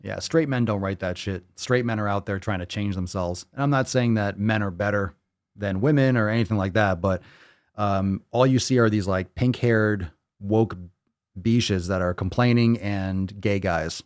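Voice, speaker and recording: A man's voice: lowish voice, moderate pace, no room sound, studio quality. A man hosting a podcast in casual chat, reading posts aloud and rebutting them in a blunt, profane, mocking way. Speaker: podcast host.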